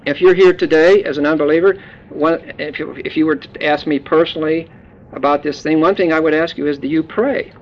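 A man's voice: a little high, fairly even intonation, fairly quick. A man preaching a sermon, explaining words in a folksy, joking teaching manner. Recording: dull lo-fi sound.

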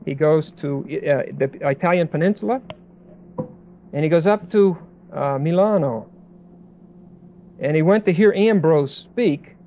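A man preaching a Bible sermon in a conversational way, with many pauses and restarts, as a pastor. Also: fairly high pitch, lo-fi sound, slight background noise.

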